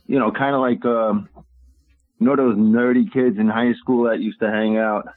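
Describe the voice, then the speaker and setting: A man's voice: fairly low pitch, steady tone, moderate pace, no echo. A man calling in to a radio talk show, emphatic and indignant, rambling as he talks over the phone. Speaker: caller. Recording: dry tinny phone line.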